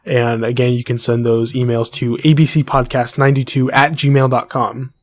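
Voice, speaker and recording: A man's voice: medium pitch, little pitch movement, normal speed, dry recording. Dry-sounding young man hosting a podcast. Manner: playful, teasing, runs the segment. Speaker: podcast co-host. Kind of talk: casual podcast chat.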